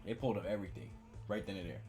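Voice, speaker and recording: A man's voice: on the low side, rapid-fire, faint music behind. A man co-hosting a podcast, telling a long story in casual chat, with lots of slang and retold dialogue. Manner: storytelling, animated retelling with slang. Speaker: podcast co-host.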